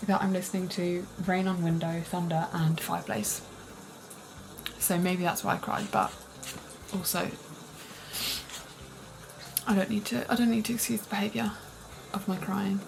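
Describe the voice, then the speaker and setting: A woman's voice: mid-range voice, steady tone, moderate pace, vocal fry, pauses often, noisy background. A young woman reading and chatting in a vlog, rambling and giggly, sometimes dropping to a whisper. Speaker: book vlogger. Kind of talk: casual reading vlog chat. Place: cosy room at home with rain and fireplace sounds.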